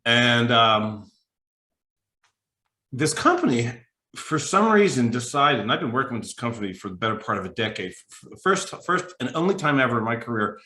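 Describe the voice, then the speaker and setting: A mental toughness coach tells a story during a podcast interview, acting out the dialogue with sudden, big jumps in pitch. He sounds animated, and the recording is reverberant.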